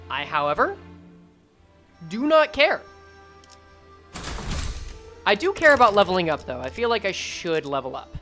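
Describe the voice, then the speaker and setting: A woman game streamer gives animated running commentary. Her pitch swings widely and she swears casually. Faint game music plays under her voice. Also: normal speed, pauses often. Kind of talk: gameplay commentary and reading aloud.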